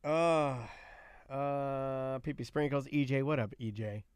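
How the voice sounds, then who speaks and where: A man co-hosting a casual live-stream chat, telling rambling stories in an animated way. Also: medium pitch, takes it slowly, clear, resonant tone, no echo, clean studio sound. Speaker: co-host.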